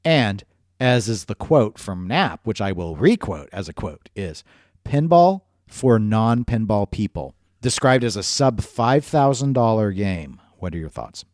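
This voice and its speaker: A man talks through a casual podcast chat in a lively, up-and-down voice, sitting low in his register. He rambles, trips over his own sentences, restarts them and chuckles at himself. The sound is dry and close to the mic, with no room around it. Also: measured pace, no room sound. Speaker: podcast co-host.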